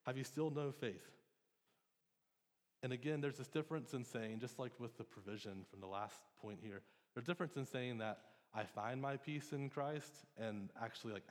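Earnest man preaching in a reverberant hall. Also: mid-range voice. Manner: conversational, earnest, with frequent restarts and ums. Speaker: pastor. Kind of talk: sermon. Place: church sanctuary. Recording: long reverb of a church hall.

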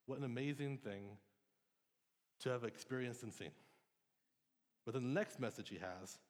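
In a church sanctuary, a man in his thirties preaches with a mid-range voice at normal speed. His sermon is conversational and earnest, dotted with restarts and ums, and the hall gives it a long reverb.

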